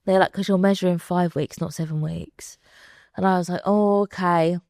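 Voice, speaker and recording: A woman's voice: lowish voice, steady tone, a little fast, creaky, warm tone, no echo. A woman in her thirties, a podcast guest talking candidly and chattily, with lots of fillers, acting out what people said to her. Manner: chatty, lots of fillers, acts out quoted voices. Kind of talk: candid conversational chat.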